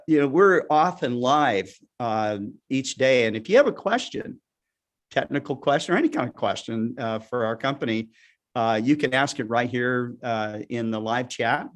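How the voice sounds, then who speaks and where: A middle-aged man from Texas hosts a live online show in a loose, casual way. He rambles, restarts his sentences and fills pauses with "uh" and "um." His voice sits in an ordinary middle pitch. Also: lively intonation. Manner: rambling, many fillers and restarts. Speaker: host. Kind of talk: casual live-stream chat.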